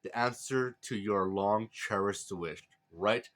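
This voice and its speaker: A man's voice: lowish voice, takes it slowly, a bit bright. A man voicing a cunning, mocking male demon lord who talks in a casual, probing way.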